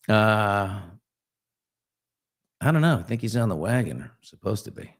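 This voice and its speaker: A man's voice: fairly low pitch, big pitch swings, unhurried, long pauses. A man hosting a casual live morning chat, reading out viewer comments and rambling through stories with many fillers and restarts. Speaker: talk show host.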